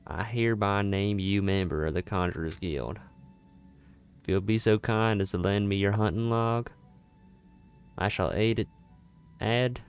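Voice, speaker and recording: A man voicing a solemn male guildmaster of healing mages in a put-on general Southern US accent, reading game dialogue aloud with formal, measured delivery. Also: fairly low pitch, smooth, lightly acted.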